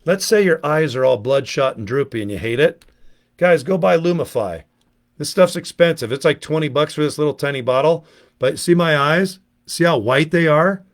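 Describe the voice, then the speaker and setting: A middle-aged man giving a casual, pushy sales pitch to camera outdoors, talking folksy and checking in with "okay?" and "guys". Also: animated, moderate pace. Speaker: online business vlogger. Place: outdoors, windy.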